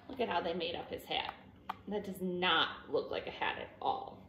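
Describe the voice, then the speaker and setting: A woman from a school staff reading a picture book aloud to children in an expressive, animated way. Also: lowish voice, moderate pace, slight background noise.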